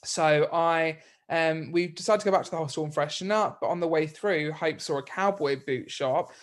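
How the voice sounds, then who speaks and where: A man's voice: on the high side, moderate pace. A man telling a story in casual chat, rambling with many fillers.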